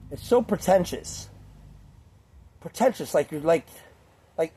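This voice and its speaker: A young man talking casually to camera in a crude, rambling way, laughing often and mimicking others in high voices. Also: expressive, normal speed, long pauses, mellow, slightly rough. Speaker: vlogger.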